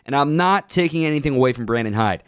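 A man's voice: fast, smooth, no echo. Man, sports radio host, opinionated rant, punchy emphasis, dry studio sound. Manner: animated, ranting, punchy emphasis with sudden pitch jumps.

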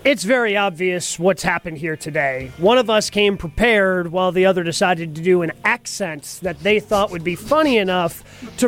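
Male radio guest, mock prosecutor, measured and lawyerly, high pitch. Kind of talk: mock courtroom closing argument.

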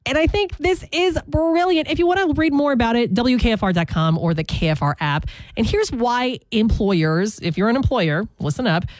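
A woman's voice: on the high side, big pitch swings, normal speed, no echo. A young woman hosting a morning radio show, chatty and self-mocking. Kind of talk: upbeat morning radio talk.

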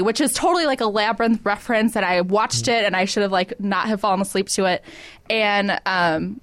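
A young woman chats casually, spilling a story with plenty of fillers. Her voice sits at an ordinary middle pitch. The sound is dry and close. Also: normal speed, no echo. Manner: chatty storyteller, filler-heavy. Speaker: guest, real estate agent. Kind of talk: casual chat.

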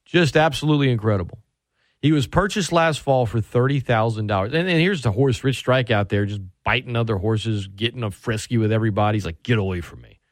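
A man hosting sports talk radio, excitable and animated, often restarting his sentences. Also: mid-range voice, fairly quick, dry recording, clean studio sound.

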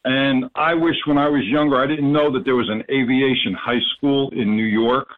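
A man calling in to a radio show, speaking earnestly and haltingly with plenty of fillers. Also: mid-range voice, fairly even intonation. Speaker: caller. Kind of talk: phone-in call. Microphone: telephone. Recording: phone line.

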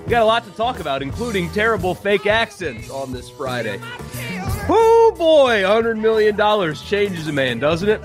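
Chatty, lively sports talk host. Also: male voice, high-pitched, moderate pace, over music. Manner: chatty, laughs at his own jokes, many fillers. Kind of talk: casual sports talk livestream. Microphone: live-stream mic.

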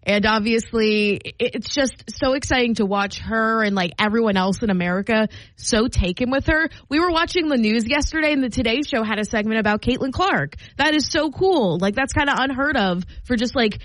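A woman's voice: fairly high pitch, expressive, a little fast, few pauses, fairly bright tone, no echo. Upbeat woman co-hosting a podcast. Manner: upbeat, enthusiastic, lots of "like". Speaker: podcast co-host. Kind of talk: casual chat.

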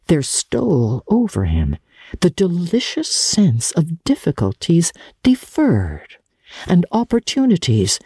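A literary audiobook narrator reads slowly and expressively, with lively rises and falls in pitch. The tone is mellow and husky, recorded close and dry in a studio. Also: no echo. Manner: measured, expressive reading.

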